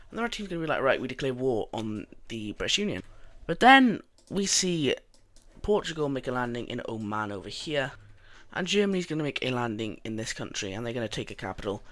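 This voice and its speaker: A young man giving a casual voice-over narration of a map scenario, relaxed and rambling with many fillers and restarts. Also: mid-range voice. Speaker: mapping video narrator.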